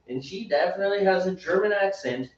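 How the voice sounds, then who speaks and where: Man, casual podcast banter, animated, echoey room, dull lo-fi sound. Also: sits high, brisk, distant mic. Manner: animated, laughing storyteller who mimics voices. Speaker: homebrewing podcast co-host.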